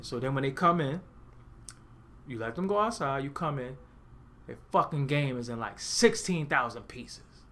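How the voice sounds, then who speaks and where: A man from Brooklyn with a New York accent, hosting a comedic, profane rant show, blunt and animated. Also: a little high, fairly quick, vocal fry. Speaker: host.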